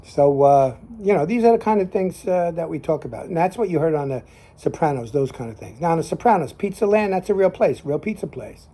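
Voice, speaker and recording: Dark-voiced older man with a Jersey accent. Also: on the high side, lively intonation, fairly quick. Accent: New Jersey. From New Jersey. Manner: rambling, repeats himself, trails off in fillers. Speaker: host. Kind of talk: casual monologue.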